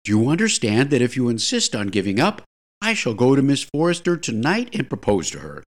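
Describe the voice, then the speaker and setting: A man's voice: mid-range voice, wildly swooping pitch, fairly quick. A man reading the part of an anxious, lovestruck young male golfer who speaks passionately and quaveringly.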